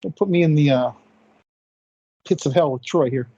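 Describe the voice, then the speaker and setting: A man co-hosting a casual wrestling podcast, trading quick jokes and banter. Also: fairly high pitch, mellow, no room sound, dull audio. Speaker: podcast co-host.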